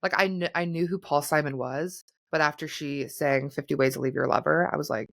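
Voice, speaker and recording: A woman in her late twenties co-hosting a podcast, talking in a casual, chatty way and laughing easily. Her voice sits somewhat low, and the sound is dry and close to the mic. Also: steady tone, fairly quick, vocal fry, a bit bright, dry recording. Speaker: podcast co-host. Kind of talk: casual chat.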